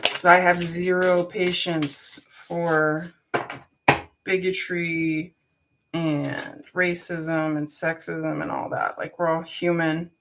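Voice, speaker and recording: A woman's voice: sits low, vocal fry, fairly bright tone, a little hiss or hum. A woman giving a live-stream tarot reading, chatty and frank, talking to her viewers by name. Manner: frank, swears casually. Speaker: tarot card reader.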